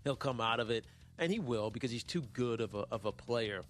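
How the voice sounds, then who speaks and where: A man hosting a sports talk show, rambling and joking in a casual, animated way with lots of fillers. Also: mid-range voice, brisk, a little hiss or hum. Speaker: sports radio host.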